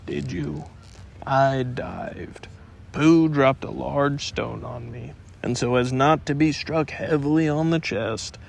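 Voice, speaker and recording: A man voicing a gloomy, sulky old male donkey in a storybook reading, with a slow, mournful, sarcastic drawl. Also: medium pitch, vocal fry, slight background noise. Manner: sarcastic, self-pitying.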